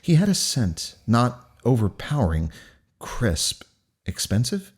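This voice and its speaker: A man reading a novel aloud for a podcast in an expressive audiobook style, breaking off to joke between takes. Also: mid-range voice, slow, slightly rough.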